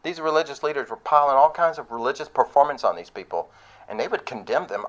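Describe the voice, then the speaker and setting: A male preacher delivers a sermon in a casual, emphatic tone. He fires off rhetorical questions and swings between soft, intimate stretches and punchy, louder lines. His voice sits at an ordinary middle pitch. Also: animated, fast.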